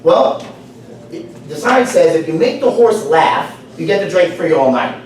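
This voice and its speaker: A man's voice: fairly high pitch, lively intonation, a little slow, a little mellow. A man playing a blunt, skeptical bartender in a joke, in an echoey room from far off.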